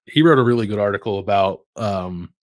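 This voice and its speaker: A man in his thirties co-hosts a casual podcast while sick with a sore throat. His voice sits low and the sound is dry and close. He hesitates a lot and lets his phrases trail off quietly. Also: fairly quick, no room sound. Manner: hesitant, lots of likes and ums, trailing off quietly. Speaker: podcast co-host. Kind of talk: casual chat.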